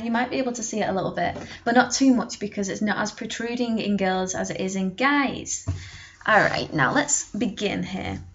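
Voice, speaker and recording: Woman singing teacher, slightly high voice. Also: fairly bright tone, muffled recording, slight background noise. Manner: explains with sung and spoken demonstrations. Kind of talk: vocal lesson to camera.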